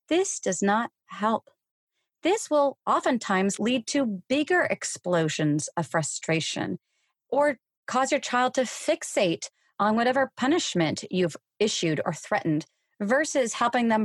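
Calm woman podcaster giving parenting advice. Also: mid-range voice, no echo, studio quality. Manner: calm, explanatory, models phrases to say to kids. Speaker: podcast host and parent coach. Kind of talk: solo podcast advice talk.

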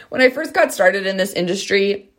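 A woman's voice: mid-range voice, a bit bright. A woman in her thirties, a dog trainer hosting her own podcast, talking earnestly and conversationally to listeners and often checking in with "right?" and "okay?". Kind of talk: solo podcast monologue.

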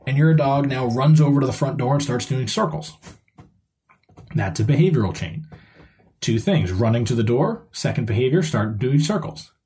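A man's voice: mid-range voice, mellow. A man hosting his own podcast as a dog trainer, explaining things step by step in a conversational way.

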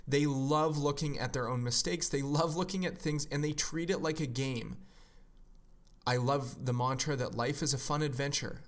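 A man speaks at a middle pitch, giving an earnest, encouraging motivational talk. He often slips into the voices of the people he describes, then returns to his plain delivery. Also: a bit bright. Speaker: self-help speaker.

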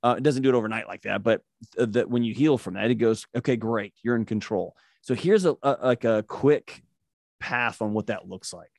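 A man explains in an earnest, storytelling way, leaning on vivid everyday examples. His voice is mid-pitched, and the recording is close and dry. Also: a little fast, gravelly, no echo. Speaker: guest, mental health expert. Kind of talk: interview answer, explaining.

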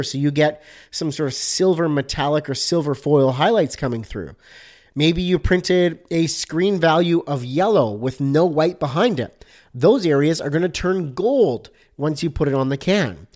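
A man's voice: on the high side, moderate pace, a little mellow. A man hosting a casual solo podcast about design, upbeat and chatty, with many fillers.

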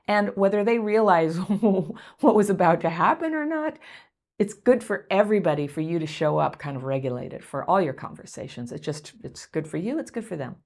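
A woman coaching viewers through a self-help talk, speaking in a gentle, encouraging, conversational way and laughing lightly between points. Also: on the low side, expressive, normal speed. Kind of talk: advice talk to camera.

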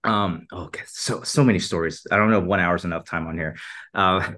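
A marketing entrepreneur appears as a podcast guest in a casual conversational interview. His voice is low, a little fast, and fairly bright, and he sounds upbeat, dropping plenty of "like" and "you know" fillers.

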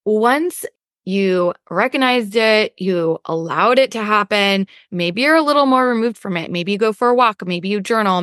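A woman coach talks through her podcast in a loose, chatty way, full of fillers and little acted-out inner voices. Her voice sits at an ordinary pitch and is recorded close and dry, with no room sound. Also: fairly bright tone, clean tone, no echo. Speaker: weight loss coach and podcast host. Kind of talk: casual podcast monologue.

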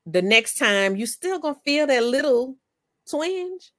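A woman podcast host and coach in casual interview chat, talking in an animated, motivational way with many fillers. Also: sits high, unhurried, no room sound, clean studio sound.

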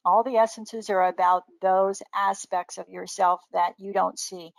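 Older woman telling lively stories. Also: mid-range voice, unhurried, gravelly, no echo, rough recording. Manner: lively anecdotal, laughs often, acts out quoted voices. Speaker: guest naturopathic doctor. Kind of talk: casual storytelling.

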